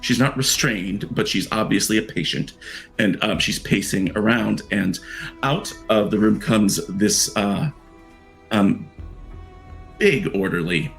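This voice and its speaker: A man's voice: lowish voice, takes it slowly, creaky, fairly bright tone, soft background music. A man running a tabletop horror game as game master, narrating casually with plenty of fillers. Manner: casual, rambling, many fillers.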